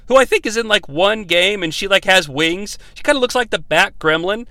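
A man's voice: sits high, big pitch swings, normal speed, bright, forceful tone, dry recording. A man hosting a comedic bad-movie review, ranting sarcastically and swearing a lot.

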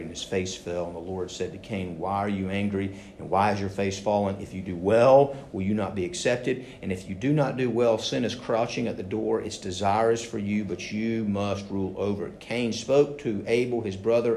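A man's voice: fairly low pitch, a little hiss or hum. A man preaching a sermon, acting out the people he quotes. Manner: animated, acts out quoted voices. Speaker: pastor. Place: church sanctuary. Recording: roomy church echo.

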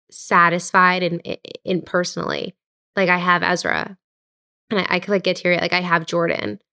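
A young woman co-hosting a podcast, talking softly and earnestly into a studio microphone. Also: lowish voice. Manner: soft, earnest, drifting near a whisper. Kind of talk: casual chat. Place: recording studio.

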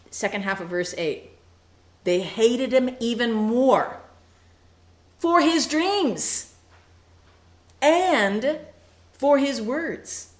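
A woman teaching a Bible study, animated and playful, acting out quoted lines with quick asides. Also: on the high side, roomy sound.

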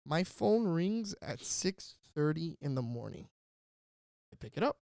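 A man telling a wild story in casual chat, animated and swearing, shouting out the lines he quotes. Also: a little high, measured pace, vocal fry, dry recording, studio quality. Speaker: podcast guest storyteller.

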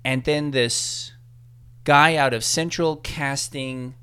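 A man telling a story in casual conversation, animated and acting out the voices of people in it. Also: mid-range voice, slow, smooth. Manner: animated, acts out voices in his anecdotes. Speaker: podcast guest telling a story.

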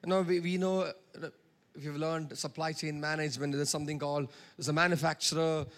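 A man's voice: a little high, level tone, brisk, a bit bright. A man preaching a sermon, calling for congregation responses and drawing out key words.

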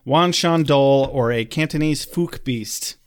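A man's voice: medium pitch, unhurried, smooth. A male podcast co-host recapping a TV episode in casual chat, sarcastic and swearing freely.

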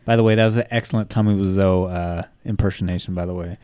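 A man's voice: low-pitched, fairly even intonation, fast talker, hardly any pauses, mellow, clear, resonant tone, dry recording. A man hosting a casual true-crime podcast, rambling with lots of fillers and casual swearing. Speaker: podcast host.

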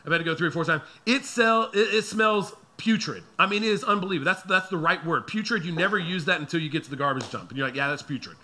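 A man's voice: high-pitched, fast talker, few pauses, bright, forceful tone. A man in his thirties, a pastor telling a family story in a sermon and acting out the voices of his kids and himself.

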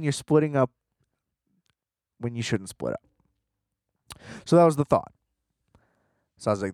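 A man's voice: mid-range voice, darkish tone, dry recording, clean studio sound. A man hosting a podcast alone, chatting casually about movies in a rambling, profane and self-mocking way. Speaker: podcast host. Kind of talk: casual solo commentary.

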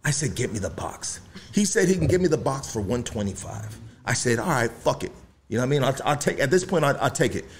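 A man, telling stories loudly in slangy casual chat as a podcast co-host. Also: medium pitch, fast, a little hiss or hum. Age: 40s. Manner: loud, slangy storytelling, animated.

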